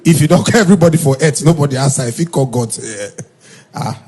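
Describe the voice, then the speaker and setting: A man telling comic stories in Nigerian Pidgin English, jumping into high, shouted voices for the people he quotes. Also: fast, breathy edge. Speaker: stand-up comedian. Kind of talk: comic storytelling monologue.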